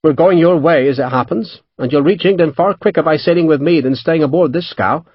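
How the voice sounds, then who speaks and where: A man's voice: on the high side, a little fast, no echo, highs cut off, close to an everyday voice. A man voicing an eager Devon sea captain. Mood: commanding. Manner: urgent, commanding, brushes others aside. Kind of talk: audiobook character voice.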